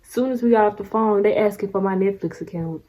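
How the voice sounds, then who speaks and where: A woman's voice: medium pitch, brisk, mellow. A young woman vlogging casually, telling a story in a blunt, sassy way and laughing often.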